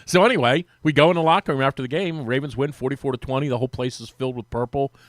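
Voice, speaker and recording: A man on sports radio telling a long anecdote in casual chat, acting out the quotes with a rising, lively voice. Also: medium pitch, racing, dry recording. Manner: animated, acts out quotes with rising voice. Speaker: sports radio guest, former team reporter. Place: radio studio.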